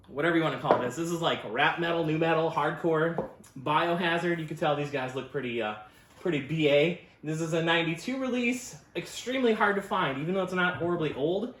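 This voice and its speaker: A man talks records in an eager, rambling way, stopping to correct himself and filling gaps with ums and uhs. His voice sits a little higher than usual for a man, and the sound bounces around an echoey room. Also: fairly bright tone. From United States. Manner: enthusiastic, rambling, with frequent fillers and self-corrections. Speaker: record store owner and show host. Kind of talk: casual record review chat. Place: record store.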